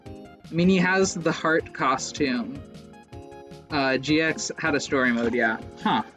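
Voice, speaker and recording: A man's voice: fairly high pitch, takes it slowly, fairly bright tone, soft background music. A young man giving casual, rambling, self-mocking commentary while playing a racing game. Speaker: let's play streamer.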